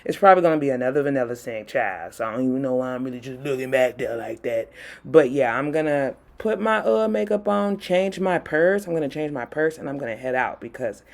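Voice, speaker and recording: A woman's voice: extremely low pitch, expressive, a little fast, a little mellow. A woman vlogging casually to the camera, chatting and commenting on herself as she gets ready. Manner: chatty, self-commenting while getting ready. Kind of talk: casual vlog talk to camera.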